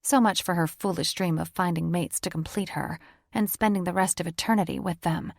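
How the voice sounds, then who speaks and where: A woman reading a paranormal romance audiobook as narrator in steady storytelling. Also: on the low side, brisk, vocal fry, dry recording, clean studio sound. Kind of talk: scripted narration.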